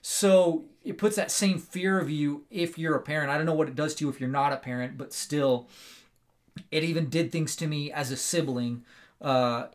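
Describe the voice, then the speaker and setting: Guy with a higher voice doing a chatty movie review, excited, rambly, says "like" a lot. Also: moderate pace. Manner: animated rambling storytelling, lots of "like" and "right?". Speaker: movie review show host. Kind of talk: casual spoken movie review.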